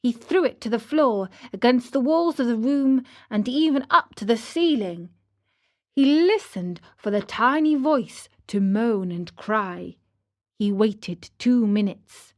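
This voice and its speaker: A woman narrating a children's audiobook in a slow, gentle storytelling manner. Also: a little high, animated.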